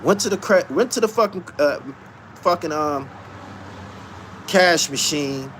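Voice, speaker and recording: A man hosting a podcast, telling a story in a loose, profane way, often breaking into laughter. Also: slight background noise. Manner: laughing, profane, swings from low mutter to high excited yelps. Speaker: podcast host.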